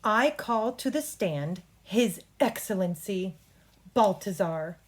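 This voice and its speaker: A woman reading as a slow, formal defense attorney. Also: medium pitch, animated. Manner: slow, deliberate, formal courtroom delivery. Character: earnest adult male defense attorney in a courtroom play.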